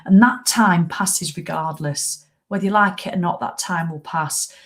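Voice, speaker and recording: A middle-aged British woman with a low-ish, unhurried voice coaches a live walking group, chatting in a blunt, motivational way with casual swearing, in the manner of a live-stream chat.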